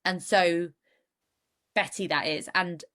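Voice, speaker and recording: A woman co-hosting a true crime podcast, telling the story in an animated, indignant way. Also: lowish voice, slow. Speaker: podcast co-host.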